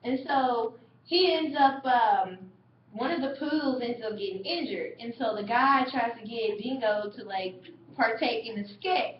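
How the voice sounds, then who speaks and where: Young woman, mother, animated laughing storyteller, fairly high voice, far from the webcam mic, roomy echo, dull sound. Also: a little slow, a little hiss or hum. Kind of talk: casual webcam chat. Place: indoor room. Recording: echoey, distant, dull webcam audio.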